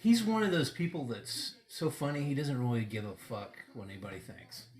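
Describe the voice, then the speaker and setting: A man's voice: medium pitch, big pitch swings, a little fast. A middle-aged man hosting a casual chat during a tequila tasting, rambling and laughing often. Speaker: podcast host. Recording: echoey room.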